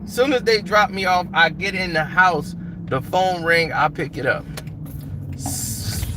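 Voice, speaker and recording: A man with a noticeably high voice spins a casual, slangy story, chuckling as he goes. He talks over plain traffic and street noise outdoors, with cars audible behind him. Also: lively intonation, moderate pace. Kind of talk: casual anecdote. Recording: noisy outdoor traffic sound. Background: street and car noise.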